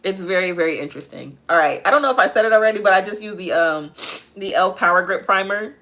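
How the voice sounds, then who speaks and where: A woman's voice: medium pitch, fast talker, a bit bright. A young woman hosting a live makeup tutorial at home, chatting casually and answering viewer comments as she works. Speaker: makeup vlogger and livestream host. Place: home, near a kitchen.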